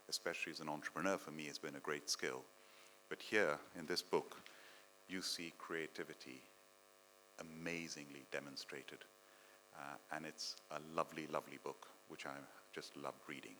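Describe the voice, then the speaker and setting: A middle-aged man introducing an author at her book launch, speaking with proud, warm praise. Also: a bass voice, fairly even intonation, moderate pace, a little hiss or hum, rough recording. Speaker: event host introducing the author. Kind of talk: introductory speech. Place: cultural centre event hall.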